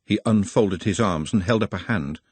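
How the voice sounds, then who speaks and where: A man narrating an audiobook in a scripted, expressive delivery. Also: on the low side, normal speed, husky, dry recording.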